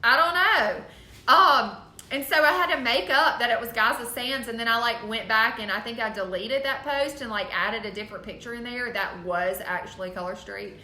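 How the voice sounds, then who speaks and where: A woman's voice: fairly high pitch, moderate pace, pushed and bright. A woman giving a casual, earnest motivational talk to her sales team, full of ums and likes. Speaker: direct sales team leader. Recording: echoey room.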